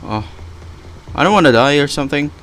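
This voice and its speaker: A man's voice: on the high side, animated, fairly quick, a bit bright, a little hiss or hum. Panicky young man narrating his gameplay. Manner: panicky, exclaiming, laughing often. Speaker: gaming channel host. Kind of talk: live gameplay commentary.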